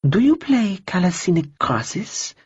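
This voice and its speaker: Brief: a teasing, ironic young woman with a girlish lilt, as a man puts her on, husky edge, audiobook. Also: sing-song, unhurried, dry recording, muffled recording, heavily acted. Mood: wry. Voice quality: higher, girlish voice. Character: poised young woman in shadow robe, wry, ironic.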